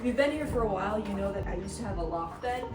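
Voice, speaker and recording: A woman's voice: mid-range voice, expressive, fast, over loud music. A young woman in her twenties chatting casually in a vlog, rambling and easily moved, recorded in her apartment. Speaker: vlogger and swim diving coach. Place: apartment, indoors. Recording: roomy audio from a camera off at a distance.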